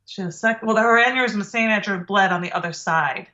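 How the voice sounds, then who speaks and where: A middle-aged woman, a podcast guest, telling a personal story in an animated way, acting out quoted dialogue with halting restarts. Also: mid-range voice, highs cut off.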